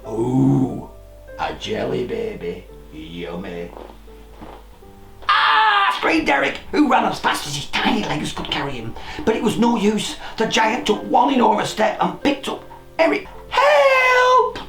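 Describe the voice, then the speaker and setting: Lively, playful children's storyteller. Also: medium pitch, moderate pace. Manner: expressive, playful read-aloud with sound effects. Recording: roomy echo, faint music.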